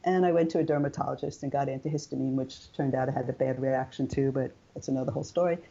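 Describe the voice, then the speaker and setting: Older woman, low husky voice, chatty storytelling, interview guest, dull lo-fi sound. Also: fast talker. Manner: chatty, animated storytelling with quoted dialogue.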